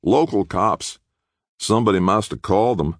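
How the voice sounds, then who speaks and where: A man's voice: lowish voice, normal speed, no room sound, studio quality, pitched above the performer's own voice. A man playing a cocky male private security agent who talks with a lazy, wry ease.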